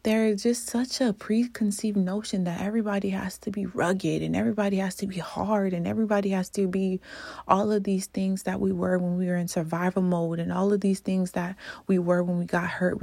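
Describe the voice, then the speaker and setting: A woman from Louisiana hosting a reflective podcast monologue, soft and earnest, often slipping into a whisper. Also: mid-range voice, steady tone, brisk, vocal fry, dry recording. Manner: emotional, earnest. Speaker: podcast host.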